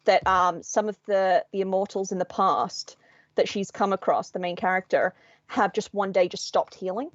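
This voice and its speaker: Aussie woman on a podcast, lively storyteller doing little voices, dry muffled sound. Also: mid-range voice, normal speed, no echo. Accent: Australian. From Australia. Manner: animated storyteller, acts out voices. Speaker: podcast co-host. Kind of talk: casual chat.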